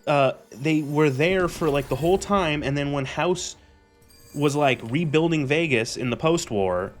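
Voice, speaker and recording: A young man streamer recapping a show in a casual, exasperated rant, animated and swearing freely. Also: on the high side, unhurried, soft background music.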